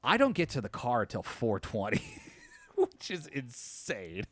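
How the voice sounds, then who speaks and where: A man co-hosting a podcast who tells a story in casual chat, swears freely and jumps into a high voice when he quotes people. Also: huge pitch swings, measured pace, dry recording. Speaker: podcast co-host.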